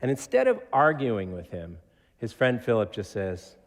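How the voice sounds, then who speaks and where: A man's voice: on the low side, big pitch swings, normal speed. A man from Connecticut, a pastor preaching a conversational, joking sermon who acts out quotes. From Connecticut, United States. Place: church. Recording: reverberant church sanctuary.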